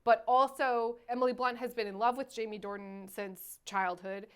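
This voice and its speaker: A woman co-hosting a casual film review conversation, her voice sitting a little high. She is animated and keeps slipping into silly voices to act out lines from the film. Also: normal speed, clean tone. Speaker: podcast co-host, movie reviewer. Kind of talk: casual chat.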